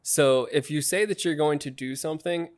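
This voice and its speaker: A man's voice: on the high side, normal speed. A man, a salesman guest on a podcast, explaining his views in a direct, emphatic way. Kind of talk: casual interview chat.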